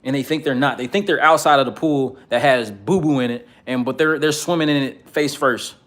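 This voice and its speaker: A man delivers a casual commentary monologue in a mid-pitched voice. He rambles, fills his pauses with constant uh's, and speaks bluntly with profanity. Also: fairly bright tone. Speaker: political commentator.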